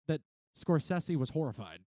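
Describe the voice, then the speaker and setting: A man's voice: a little high, very animated, moderate pace, mellow, no room sound. Male podcast co-host, rambly and casual, dry booth sound. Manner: rambling, full of "like". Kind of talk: casual chat.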